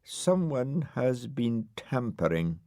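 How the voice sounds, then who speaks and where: A sulky, self-important dog grumbles in a grand, aggrieved tone, as a man puts him on. The storybook voice swings widely in pitch and takes its time. The sound is close and dry. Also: big pitch swings, slow pace, warm tone, dry recording. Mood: huffy. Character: grumpy huffy pompous male dog. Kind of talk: audiobook character voice.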